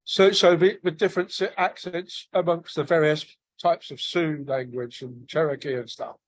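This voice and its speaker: A man's voice: fairly high pitch, fairly even intonation, moderate pace, slight background noise. A man with a working-class North London accent, chatting casually in a book club discussion, often restarting and searching for words. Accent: working-class North London English.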